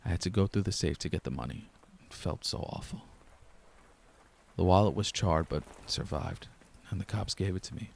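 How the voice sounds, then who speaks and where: A young man reading a first-person horror story aloud in a low-key, steady storyteller's way. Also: creaky. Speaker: narrator. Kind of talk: scripted horror narration.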